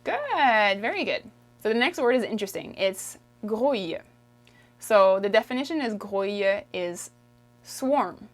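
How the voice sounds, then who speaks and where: A woman from Quebec teaching French, who says each word slowly and repeats it for the learner. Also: mid-range voice, expressive. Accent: Québécois French. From Quebec, Canada. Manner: patient, drills words slowly and repeats them. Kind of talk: video language lesson.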